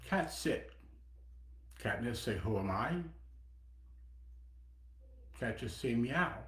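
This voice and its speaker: A man's voice: medium pitch, lively intonation, takes it slowly, fairly bright tone, reverberant. A man in his seventies putting on a Korean accent to voice an old Zen master, speaking in short, clipped, broken phrases. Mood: playful. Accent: put-on Korean accent. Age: 70s.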